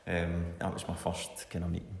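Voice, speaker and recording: A man's voice: low voice, monotone, moderate pace, creaky. A middle-aged Scottish man, a former footballer, telling rambling anecdotes in a casual interview and chuckling now and then. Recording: echoey room with long reverb, faint hiss.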